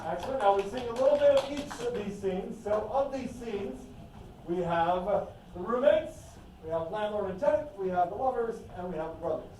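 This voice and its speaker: A man with a high voice runs an improv show, brisk and organizing as he talks to the audience. The sound comes from a distant mic in a very echoey room with faint noise. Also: animated, dark tone.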